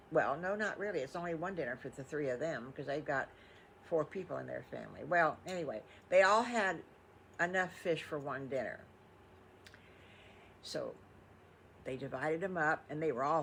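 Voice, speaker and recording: An older woman tells a made-up children's story in a slow, unhurried way. Her voice has a gravelly edge, and she rambles warmly between the story and asides. A faint hum of room noise sits behind her. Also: low-pitched. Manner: chatty and rambling, with fond exclamations. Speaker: storytelling grandmother. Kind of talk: improvised bedtime storytelling.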